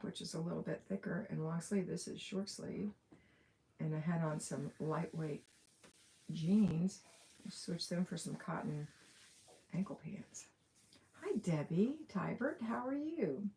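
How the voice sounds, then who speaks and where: Speaking low and unhurried, this livestream host has a gravelly, mellow voice with a slight hiss or hum in the audio. She's an Alabama woman running a casual question session from home, window open, chatting and laughing as she reads out viewers' comments.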